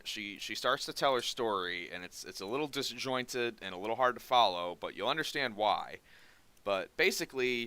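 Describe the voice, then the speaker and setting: A man's voice: fairly low pitch, pushed and bright, smooth. A man hosting a podcast, telling a long story in a rambling way, often restarting his sentences. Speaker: podcast host. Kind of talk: casual podcast chat.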